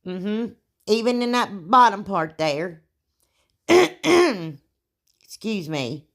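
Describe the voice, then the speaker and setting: A woman, hosting a casual craft tutorial, chatty and rambling, with a sore throat that makes her clear it often. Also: medium pitch, very animated, drawn-out words. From Ohio, United States. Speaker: DIY crafts channel host.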